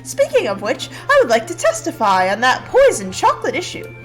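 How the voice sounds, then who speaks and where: Cheerful young male bird sidekick for a game, read by a woman; chirpy, lively, eager. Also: high voice, a little fast, faint music behind, low-quality recording. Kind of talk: reading game dialogue aloud.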